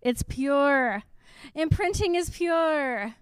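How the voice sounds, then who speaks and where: High-pitched woman tossing in wry quips. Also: animated, very slow, no room sound. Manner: wry quips and frequent laughter. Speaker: podcast co-host. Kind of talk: casual chat.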